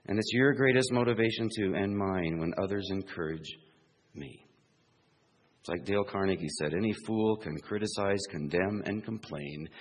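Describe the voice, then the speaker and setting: A male pastor preaching an earnest sermon. He swings between emphatic peaks and hushed asides, and slows down to spell out key words. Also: sits low, husky, big-room sound.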